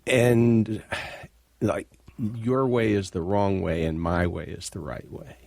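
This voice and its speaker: A man's voice: lowish voice, steady tone, takes it slowly, gravelly, a little mellow, no echo. A man hosting a radio interview, asking thoughtful questions. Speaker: radio show host.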